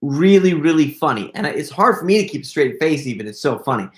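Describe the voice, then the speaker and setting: Excitable man telling stories live. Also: on the high side. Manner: excitable, rambling storytelling with quick asides. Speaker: prank video creator hosting a live Q&A. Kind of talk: casual livestream chat.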